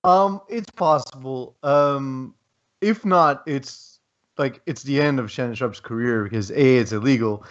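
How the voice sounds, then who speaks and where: A man's voice: mid-range voice, a little slow. Guy co-hosting a podcast, rambly, lots of ums and uhs, kinda dull lo-fi sound. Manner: rambling, filler-heavy, wry asides. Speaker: podcast co-host. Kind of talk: casual chat.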